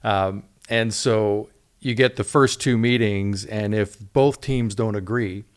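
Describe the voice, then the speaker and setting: A man with a lower-pitched voice hosts a relaxed interview as a minister. He talks casually, pads his sentences with fillers and keeps checking in with "right?". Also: slow pace, clean tone. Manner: chatty, tags lines with "right?", many fillers. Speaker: host and minister.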